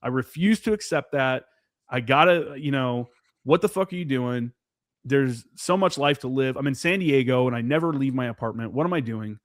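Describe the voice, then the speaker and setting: A man's voice: mid-range voice, normal speed, no room sound, clean studio sound. A man who served as a Marine forward observer, talking candidly as a podcast guest and swearing freely. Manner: candid, profane, peppered with "dude" and "man". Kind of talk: casual podcast chat.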